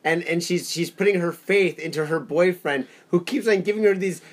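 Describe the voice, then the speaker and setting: A man with a notably high voice co-hosts a podcast in a casual chat. He teases and prods the storyteller, jumping in with quick questions. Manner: teasing, laughing, interjecting questions. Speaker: podcast co-host.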